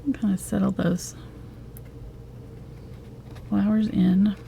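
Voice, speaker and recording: Woman, painting instructor, low mellow voice, gravelly edge, half-whispered, relaxed live tutorial. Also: takes it slowly, slight background noise. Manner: soft-spoken, often whispering, relaxed.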